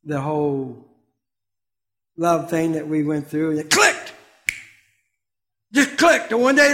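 A middle-aged male pastor giving a sermon. He talks conversationally, asks the congregation questions, and swings from loud exclamations to quiet asides. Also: fairly high pitch, sing-song, slow, pauses often.

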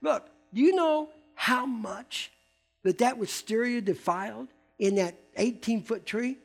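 An older man preaching a sermon, emphatic and repeating key words, swinging between loud stresses and hushed asides. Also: extremely high pitch, a little slow, creaky, soft background music. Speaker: pastor.

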